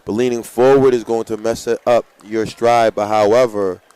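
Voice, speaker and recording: A man's voice: fairly low pitch, normal speed, clear, resonant tone, no echo. A man announcing a live track meet, hyping runners, reading out heats and giving coaching tips. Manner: excitable, hypes runners and gives coaching tips. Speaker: race announcer.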